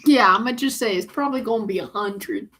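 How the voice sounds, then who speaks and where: A woman's voice: medium pitch, fast talker, a bit bright. A woman co-hosting a book club, chiming in with playful casual interjections. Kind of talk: casual chat.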